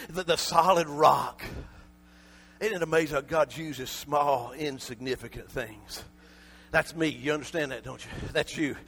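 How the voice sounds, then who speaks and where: A male preacher, preaching a sermon that swings from shouted peaks to soft, close asides. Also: a little high, husky.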